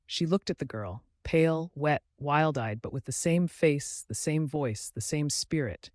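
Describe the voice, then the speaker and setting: A man narrating a folktale in a dramatic, measured way. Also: on the high side, a little mellow, dry recording, studio quality. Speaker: storyteller.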